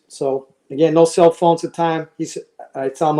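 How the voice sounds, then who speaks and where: A man's voice: fairly high pitch, fairly even intonation, fairly quick, dark tone. A man in his sixties, a retired fire lieutenant, telling casual stories as a podcast guest and acting out the voices of people he quotes. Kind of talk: casual storytelling.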